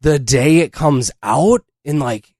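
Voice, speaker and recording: A man's voice: on the high side, slow, darkish tone, dry recording, clean studio sound. A man co-hosting a podcast, telling a rambling story in casual chat. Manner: rambling storyteller, breaks into laughter. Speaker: podcast co-host.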